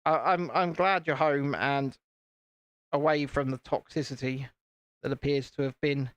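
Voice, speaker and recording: A man's voice: mid-range voice, fairly even intonation, a little slow, clean tone, no echo. A British man hosting a casual live stream, chatting to viewers while he builds and poking fun at himself. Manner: chatty, self-deprecating, talks to viewers.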